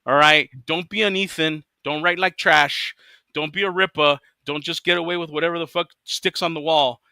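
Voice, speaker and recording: A male host with a very bright, slightly raised voice rants casually, swearing freely and breaking into laughs. The recording is close and dry. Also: a little high, steady tone, normal speed, no echo. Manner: profane, ranting, laughs often. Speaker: podcast host. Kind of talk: casual chat.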